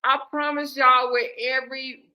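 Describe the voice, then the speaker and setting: A woman host, talking straight to her viewers in a casual, animated way and laughing often. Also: high voice, a little slow. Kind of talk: casual commentary.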